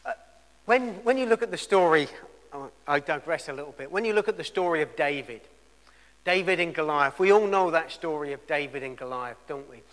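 A male preacher delivering a sermon in a church, swinging between loud emphatic peaks and quiet asides. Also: fairly high pitch, animated, brisk, big-room sound.

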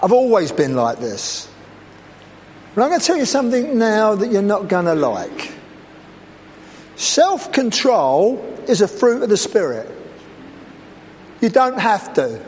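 A man delivers a humorous church sermon in a high voice that swings widely in pitch. He keeps teasing the congregation with playful asides. The sound rings with a long church reverb over a faint background hum. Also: very animated, measured pace, pauses often. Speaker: preacher.

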